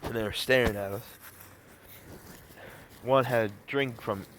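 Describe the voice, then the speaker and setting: A man's voice: medium pitch, steady tone, a little slow, a bit bright, slight background noise. A man casually telling a rambling story to the camera, with many fillers and restarts. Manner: rambling, filler-heavy retelling. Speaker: vlogger.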